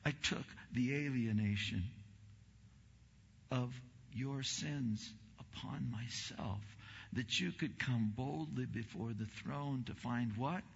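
A man preaching a sermon as pastor, impassioned, swinging between quiet, low passages and loud, rising ones. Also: slow pace, vocal fry, a little hiss or hum. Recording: dull recording in a reverberant hall.

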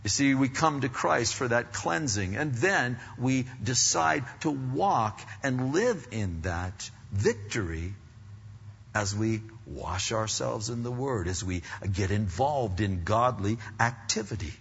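A man's voice: medium pitch, lively intonation, takes it slowly, vocal fry, a bit bright, husky. A man preaching an earnest sermon, often restarting his sentences and acting out inner voices. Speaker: pastor. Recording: dull lo-fi sound with long hall reverb.

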